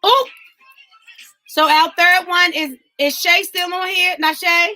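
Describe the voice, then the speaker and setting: A woman's voice: very high voice, fairly even intonation, slow, bright, forceful tone, soft background music, rough recording. A woman hosting a live online talk, calling out viewers by name and speaking with exuberant, preacher-like fervor. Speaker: host. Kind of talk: livestream talk, giveaway.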